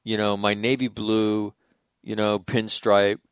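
A man's voice: on the low side, takes it slowly, clear, resonant tone, no room sound. Blunt, profane man telling stories, dry. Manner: blunt, profane, animated storyteller. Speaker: Marine veteran guest. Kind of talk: casual storytelling interview.

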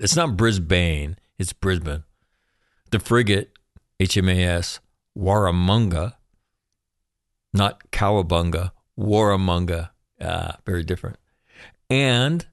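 Brief: deep-voiced male commentator, ex-Marine, irreverent and profane, dry close sound. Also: no room sound. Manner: sarcastic, profane asides, jokey. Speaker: military news commentator, former Marine. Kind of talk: casual news commentary.

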